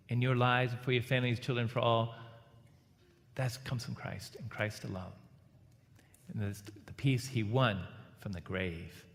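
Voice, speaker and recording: A man giving an Easter homily as a Catholic priest, preaching in a plain conversational way and leading the congregation in call and response. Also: mid-range voice. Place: large church. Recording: church hall reverb.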